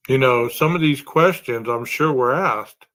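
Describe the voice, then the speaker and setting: In a slightly bright voice at a normal middle pitch, a man narrates a true-crime podcast monologue. He speaks slowly and with care, thinking out loud and piling rhetorical question upon rhetorical question.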